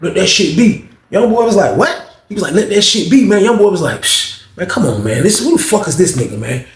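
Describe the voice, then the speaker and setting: Brief: man in an echoey room, quick streetwise storyteller who does everyone's voices. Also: high-pitched, lively intonation. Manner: acts out other people's voices while retelling; streetwise slang, frequent swearing. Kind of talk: casual storytelling.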